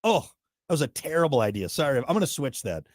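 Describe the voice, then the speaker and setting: Casual male co-host, bouncy pitch, dry close mic, jokey rambling delivery. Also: quick pace, dry recording. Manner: joking, rambling, animated. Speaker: radio show co-host. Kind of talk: casual morning show banter.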